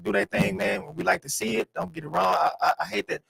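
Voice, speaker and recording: A man's voice: high-pitched, fast talker, creaky, a crowd in the background, poor audio. A man co-hosting a podcast, chatting loosely and rambling, often repeating his words. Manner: loose, rambling, repeats words, says "you know what I mean". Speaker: podcast co-host. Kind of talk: casual group chat.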